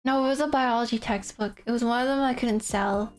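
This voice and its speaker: A young woman livestreamer chatting casually, rambling and giggling as she tells animated stories. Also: a little high, brisk, soft background music. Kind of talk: casual stream chat.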